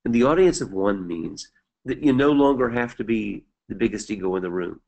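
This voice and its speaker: Middle-aged male webinar host, deliberate and earnest; husky, low delivery. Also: lively intonation, a little mellow, lo-fi sound. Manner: earnest, deliberate, repeats key points slowly. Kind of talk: presenting a webinar.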